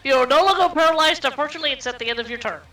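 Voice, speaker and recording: A woman runs a tabletop game with a high, bright voice and a chatty, halting manner. She sits a little away from the mic. Faint music plays under her. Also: roomy sound, far from the mic, low-quality recording. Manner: laughing, chatty, halting restarts. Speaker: game master.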